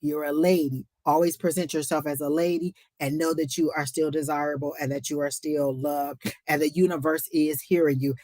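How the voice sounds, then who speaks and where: A woman's voice: deep voice, fairly even intonation, normal speed, few pauses, dry recording. Tearful, encouraging woman giving a psychic reading. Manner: emotional, tearful, warmly encouraging, calls the viewer honey; talks to the chat as y'all. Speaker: psychic reader on a live stream.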